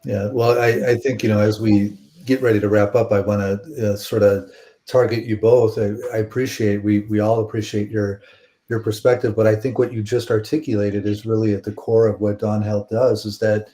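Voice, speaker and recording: Male webinar host, low mellow voice, flat delivery, on a video call. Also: moderate pace. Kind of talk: moderating a webinar.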